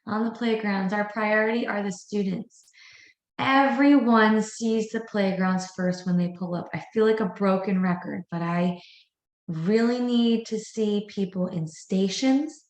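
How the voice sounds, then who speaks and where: A woman's voice: medium pitch, measured pace, a little mellow, echoey room. A woman, a preschool director, giving firm instructions to her staff at a meeting, repeating her key points.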